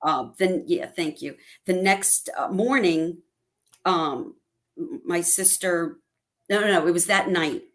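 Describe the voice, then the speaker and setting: A middle-aged woman chatting casually on a video call, telling animated stories and acting out her family's lines. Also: fairly low pitch, slow. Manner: animated storytelling, acts out family quotes. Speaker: guest fan. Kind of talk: casual livestream chat.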